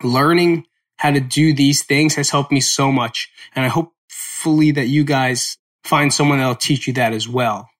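A man's voice: medium pitch, steady tone, normal speed, fairly bright tone. A man in his forties from New Jersey hosting a solo podcast, talking candidly and rambling, with frequent swearing. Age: 40s. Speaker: podcast host.

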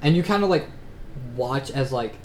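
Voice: medium pitch, lively intonation, normal speed, slight background noise. A game master narrating a tabletop game in loose, rambling speech full of fillers.

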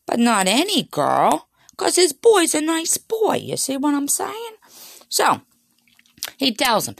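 A woman's voice: sits high, wildly swooping pitch, takes it slowly, creaky, no room sound, clean studio sound. A middle-aged woman telling a crude story in a casual, chatty way, talking straight to her listeners.

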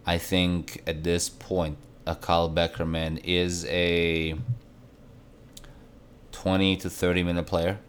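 Low voiced guy from salt lake rambling about his team, repeats himself a lot, emphatic. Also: little pitch movement, slow pace, a little hiss or hum. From Salt Lake City area. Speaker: podcast co-host. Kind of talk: casual sports chat.

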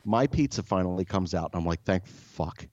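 A man's voice: deep voice, lively intonation, fast talker, darkish tone, no echo. Guy ranting and swearing thru a story, voice jumps all over, dull dry sound. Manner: profane, exasperated ranting. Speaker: podcast co-host. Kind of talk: casual storytelling.

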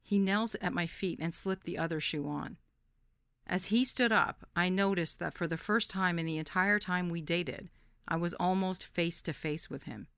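A woman hosting a podcast reads her own memoir in a candid, lively storytelling manner. Her voice sits low, and the recording is dry and close with no room sound. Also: normal speed, no room sound. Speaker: podcast host. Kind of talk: first-person memoir narration.

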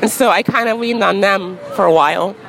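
A woman in her thirties speaking frankly in a casual street interview, full of "like" and quick laughs. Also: medium pitch, vocal fry, fairly bright tone, low-quality recording. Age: 30s. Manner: frank, chatty, peppered with "like" and laughs. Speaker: interview guest. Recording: crowd noise outdoors.

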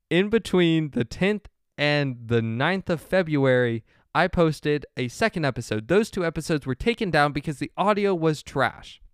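A man's voice: mid-range voice, clean tone, no echo, studio quality. A young man hosting a solo podcast, rambling along with many fillers and frequent self-corrections. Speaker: podcast host.

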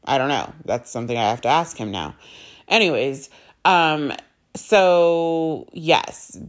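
A woman's voice: sits low, lively intonation, slow pace. A young woman vlogger telling a personal story in a casual, chatty way, full of fillers and swearing, acting out both sides of her conversations.

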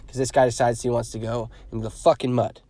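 A man's voice: mid-range voice, fast. A young man telling a rambling, profane story in a casual vlog, acting out the dialogue. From California. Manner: rambling, profane, animated retelling with quoted dialogue. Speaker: vlogger.

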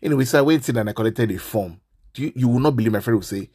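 A man, hosting a casual podcast and ranting in an animated, exasperated way. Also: medium pitch, racing, slightly rough.

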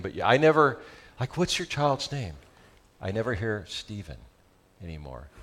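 Speaking from the pulpit in a low voice, this Southern California-accented preacher stays animated and trades jokes with the congregation during his sermon.

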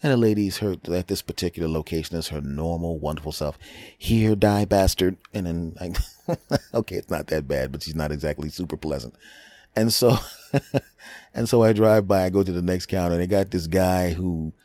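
Deep-voiced man telling a comic story. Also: fairly quick, mellow, dry recording. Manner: rambling, self-mocking, acts out voices of people in his stories. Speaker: podcast host. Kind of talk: comedic storytelling monologue.

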